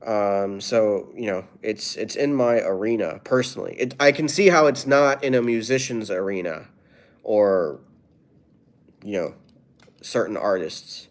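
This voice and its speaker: A male comedian chatting casually with viewers on a live stream, playful and riffing in quick rhymes. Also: on the low side.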